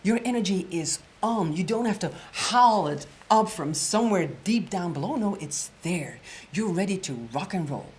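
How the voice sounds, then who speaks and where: Woman presentation coach, lowish voice, high energy, repeats lines, whispers key points for emphasis. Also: lively intonation, moderate pace, a little mellow. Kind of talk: storytelling workshop lecture.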